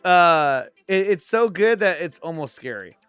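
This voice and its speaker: A man hosting a casual livestream chat, excitable and swearing freely. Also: high-pitched, unhurried, clear, resonant tone, no echo, faint music behind. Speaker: livestream host.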